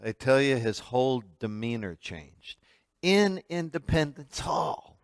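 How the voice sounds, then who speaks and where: Male church class teacher, mid-pitched, emphatic, animated storyteller, dry close sound. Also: takes it slowly, vocal fry, no room sound. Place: church meeting room.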